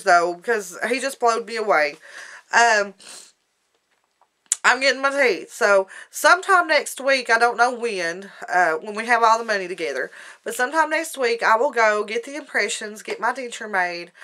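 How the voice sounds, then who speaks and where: A woman's voice: a little high, sharp tone. A woman talking in a rambling, folksy, emotional way in a personal video diary. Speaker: vlogger.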